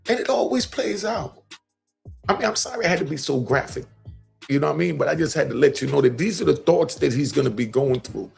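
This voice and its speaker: A man's voice: fairly high pitch, lively intonation, a little fast, gravelly, faint music behind. A middle-aged man hosting a live stream, giving street-wisdom commentary in a preachy way and repeating key lines for emphasis.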